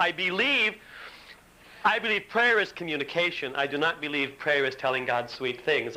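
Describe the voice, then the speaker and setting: A man with a medium-pitched, bright and forceful voice tells his recovery story to a live audience at a retreat meeting room. He mocks himself candidly and performs his inner argument aloud. The rough recording is on an old tape with faint hiss.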